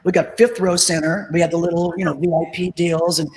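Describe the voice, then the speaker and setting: A middle-aged woman, a tribute band singer, chatting as an interview guest and telling lively anecdotes full of acted-out quotes. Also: fairly low pitch, a little fast, slight background noise, poor audio. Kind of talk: casual interview storytelling.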